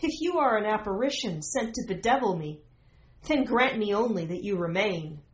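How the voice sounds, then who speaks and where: A woman's voice: medium pitch, animated, moderate pace, muffled recording, lightly acted. A woman voicing a devoted, grieving young nobleman who speaks solemnly and earnestly. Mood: desperate.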